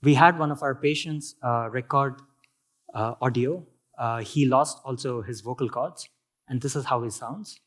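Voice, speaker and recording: A man's voice: mid-range voice, normal speed, a bit bright. Indian man giving a technical talk. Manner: explanatory, with frequent fillers and restarts. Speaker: conference speaker.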